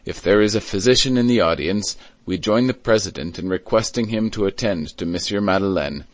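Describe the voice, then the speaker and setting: A man's voice: fairly low pitch, a little fast, no echo, lightly acted. A man reading an audiobook, voicing a male district attorney who addresses the jury in a formal, ceremonious way.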